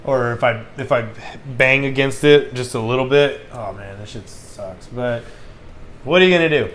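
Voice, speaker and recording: A man's voice: mid-range voice, normal speed, a bit bright. A man co-hosting a casual chat, talking in a laid-back, rambling way full of fillers. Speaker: podcast co-host.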